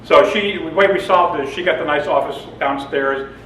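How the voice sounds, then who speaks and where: A man delivers a lighthearted seminar talk, cracking jokes, sharing stories and laughing a lot. His voice is a little high, pushed and bright, at a moderate pace. The sound is echoey and distant, with a bit of hiss or hum.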